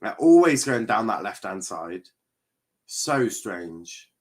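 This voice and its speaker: A man's voice: on the low side, big pitch swings, slow pace. A man hosting a live football watchalong stream, reacting with exasperation and frequent swearing as he chats to viewers.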